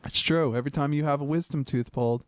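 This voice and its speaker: A man's voice: a little high, fast talker, dry recording, dull audio. Jokey man hosting a casual show. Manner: jokey, deadpan wisecracks. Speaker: podcast host. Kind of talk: casual banter. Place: studio.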